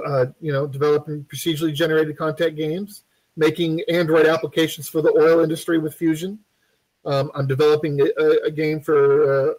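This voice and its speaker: A man's voice: on the high side, poor audio. A man giving a casual live-streamed game development tutorial, rambling and chatty with plenty of fillers and joking asides.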